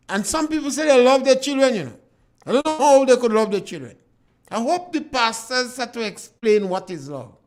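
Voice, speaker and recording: A Grenadian man hosting a call-in radio talk show, preaching emphatically in dialect and telling stories with lots of repetition. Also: high voice. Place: radio studio.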